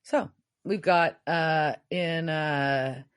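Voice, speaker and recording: A woman's voice: low voice, extremely slow, clear, resonant tone. A young adult woman, a podcast co-host, recapping a TV episode in casual chat with wry asides. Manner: animated storyteller, wry asides.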